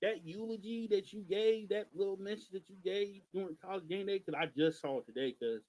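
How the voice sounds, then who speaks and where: A man's voice: high voice, brisk, a little mellow, poor audio. A man from Missouri co-hosting a casual podcast, ranting in an exasperated, emphatic way. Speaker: podcast co-host.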